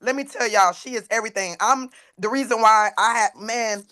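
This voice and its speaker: A woman who has joined a live stream on her mic, chatting casually. She gushes with excitement and talks in rushed bursts. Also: fairly high pitch. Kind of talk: casual chat.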